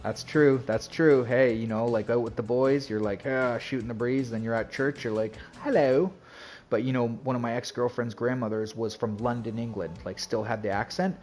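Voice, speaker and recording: A male streamer chats casually on a game livestream, rambling, greeting viewers and saying "like" and "you know" a lot. His mid-range voice has a darkish tone and fairly even intonation, and he talks briskly with hardly any pauses. Faint music plays behind him.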